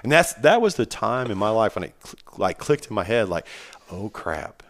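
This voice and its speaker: A man's voice: fairly low pitch, big pitch swings, brisk. A man hosting a podcast, chatting casually on a microphone with headphones, rambling and joking as he tells stories. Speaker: podcast host. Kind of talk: casual chat.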